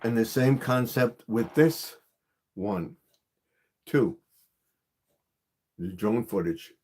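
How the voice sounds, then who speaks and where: A man's voice: medium pitch, animated, very slow, darkish tone. A man hosting a gardening channel's live stream, explaining equipment in a casual, repetitive way with many fillers.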